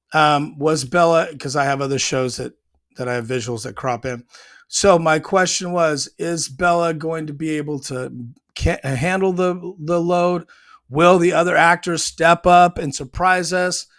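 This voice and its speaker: A man's voice: fairly high pitch, a bit bright. Rambling man reviewing a TV show. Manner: rambling, many ums and restarts. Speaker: show host. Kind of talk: casual TV review talk.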